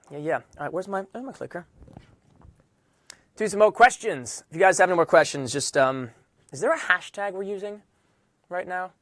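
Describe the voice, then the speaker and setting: Easygoing man, mid pitch, dry close sound, rambling chat between songs. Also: a bit bright, dry recording. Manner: loose and chatty, lots of fillers and restarts. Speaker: singer-songwriter hosting a livestream. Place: indoor room under hot lights.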